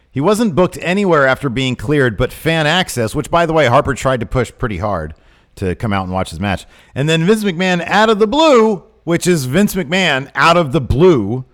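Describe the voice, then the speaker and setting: A man co-hosting a casual wrestling podcast, getting worked up and exasperated as he talks. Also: mid-range voice. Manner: animated, gets worked up and exasperated. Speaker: podcast co-host.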